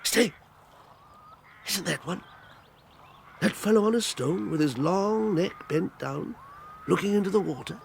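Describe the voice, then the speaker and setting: A man's voice: high-pitched, expressive, unhurried, gravelly, pauses often, a little hiss or hum, full character voice. An actor playing a hearty, talkative old country squire in a radio drama, rambling and fatherly. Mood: genial. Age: older. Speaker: Squire Hamley. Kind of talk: 1980s radio drama acting.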